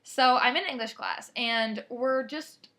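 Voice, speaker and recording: A teenage girl telling a rambling story to her camera, energetic and often breaking off mid-thought. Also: fairly high pitch, slow pace. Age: teens. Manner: energetic, rambling, self-interrupting. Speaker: vlogger. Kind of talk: casual storytelling monologue.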